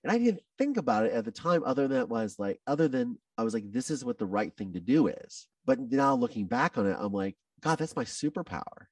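A man speaking as a podcast guest, telling an emotional personal story in an animated way, with many restarts and quoted dialogue. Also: medium pitch, fairly quick, vocal fry, hardly any pauses, no echo, clean studio sound, recorded from a distance.

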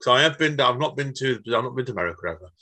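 Quick-talking English host, bright voice. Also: male voice, mid-range voice, expressive. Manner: repeats "obviously", restarts often. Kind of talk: casual interview chat.

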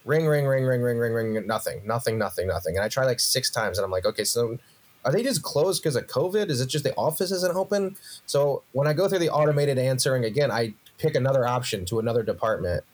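Ranting comedian telling a story. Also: male voice, mid-range voice, fast. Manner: animated ranting storyteller, swears a lot. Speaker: podcast co-host. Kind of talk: casual comedic chat.

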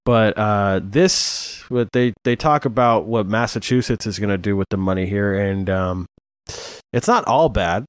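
A man's voice: lowish voice, unhurried, no echo, studio quality. A man hosting a podcast in casual chat, rambling and swearing, with many fillers. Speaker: podcast host.

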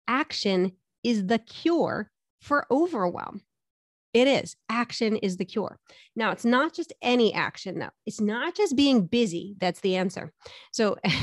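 A woman's voice: medium pitch, dry recording, clean studio sound. A middle-aged woman coaching with a direct, upbeat delivery, putting rhetorical questions to the listener. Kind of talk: motivational coaching talk.

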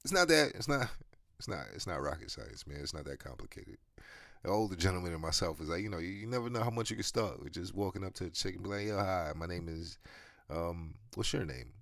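A man's voice: sits low, animated, quick pace, creaky, fairly bright tone, no room sound, clean studio sound. A man hosting a podcast in a loose, profane, rambling monologue, chuckling between phrases. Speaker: podcast host.

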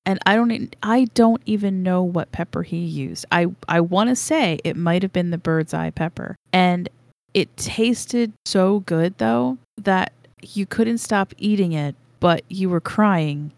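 A chatty woman, co-hosting a relaxed podcast about gardening. Her voice sits low, and she tells stories in an animated way with lots of laughter. The sound is dry and close. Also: unhurried, creaky, dry recording. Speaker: podcast co-host. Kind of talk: casual chat.

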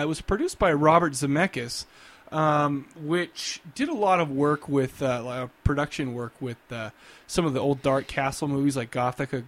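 A man hosting a podcast in casual chat, rambling and hesitant with lots of fillers. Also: medium pitch. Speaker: podcast host.

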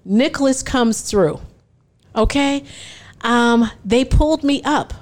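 Speaking slowly in a voice on the high side, a woman in her forties gives a personal testimony before an audience. She tells it with animation, playing out the dialogue herself and frequently laughing between lines.

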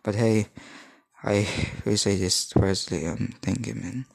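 A man in his thirties, from the Philippines, hosting a solo podcast in a halting, rambling way, often restarting as he searches for words. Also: on the low side, fairly even intonation, vocal fry, darkish tone, no room sound. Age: 30s. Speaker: podcast host.

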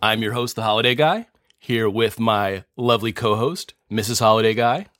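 Male podcast host, deadpan know-it-all, dry close mic. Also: lowish voice, normal speed, no echo. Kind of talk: casual comedic chat.

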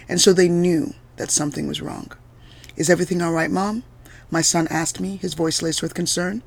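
Give me a woman narrating her own story for a podcast, with a gravelly edge of vocal fry. She keeps a measured, deliberate pace, with every sentence steady and composed. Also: low-pitched. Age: adult mother of several children. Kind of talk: reading a personal story aloud.

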